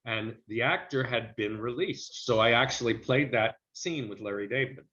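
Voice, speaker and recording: A middle-aged man, an actor being interviewed, telling lively anecdotes in casual conversation and acting out the people he quotes. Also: medium pitch, normal speed. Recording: dull lo-fi recording.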